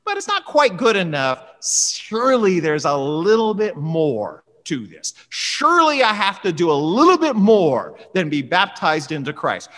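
Animated conversational preacher, lively pitch, hall reverb. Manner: animated, conversational, acts out dialogue. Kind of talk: sermon.

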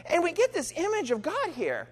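A lively preacher gives a conversational sermon, his pitch swinging widely as he works through a passage with rhetorical questions and quick asides, restarting with "I mean." A long reverb makes his voice ring out as if in a large sanctuary.

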